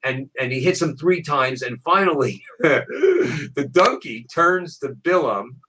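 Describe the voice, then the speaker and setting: A man, a rabbi, teaching a Bible passage in conversation, animated, repeating words as he restarts. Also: a little high, takes it slowly, a little hiss or hum, poor audio. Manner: animated storyteller with frequent restarts.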